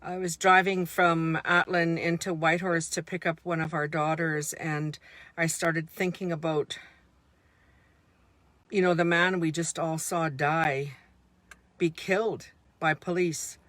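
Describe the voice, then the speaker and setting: A woman's voice: low-pitched, level tone, measured pace, a bit bright, no room sound. A middle-aged woman speaking an unscripted, heartfelt monologue to her handheld camera, indignant and repeating herself as she talks. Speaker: vlogger.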